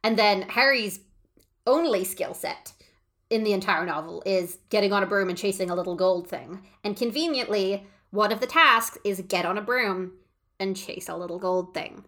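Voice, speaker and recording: A woman talks through her reading of a book in an easy, conversational way. She is enthusiastic and analytical, and her speech is full of fillers. Her voice sits at a middle pitch. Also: normal speed, a bit bright. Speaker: podcast co-host. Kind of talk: casual book discussion.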